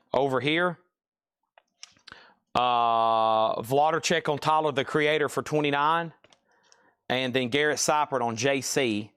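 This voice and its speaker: Brisk man calling out record prices. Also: medium pitch, a bit bright, dry recording, clean studio sound. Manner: brisk, rattling off prices and buyer names. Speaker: live sale host. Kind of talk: live sales patter.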